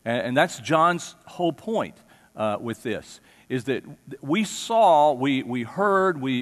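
Man preaching in a reverberant hall. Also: mid-range voice. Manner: conversational, asks the congregation questions. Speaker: pastor. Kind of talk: sermon. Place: church sanctuary.

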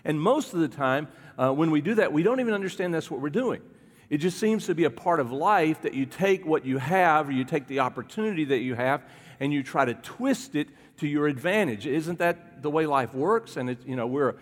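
Man preaching a sermon in a reverberant hall. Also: mid-range voice. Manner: conversational preaching, asks the congregation questions. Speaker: pastor. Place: church hall with a congregation.

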